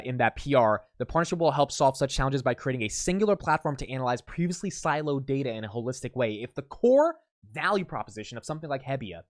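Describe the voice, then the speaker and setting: Energetic man explaining stock news. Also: medium pitch, dry recording, studio quality. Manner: energetic, explanatory, talks to the viewer directly. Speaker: host of a daily stock analysis show. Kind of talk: casual solo commentary on investing news.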